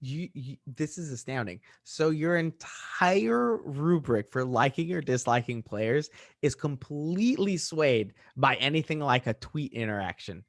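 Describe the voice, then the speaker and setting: A man's voice: medium pitch, animated, measured pace, no echo, clean studio sound. A young man from Orlando co-hosting a sports podcast, arguing his points with playful ribbing. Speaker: podcast co-host. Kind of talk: casual sports debate.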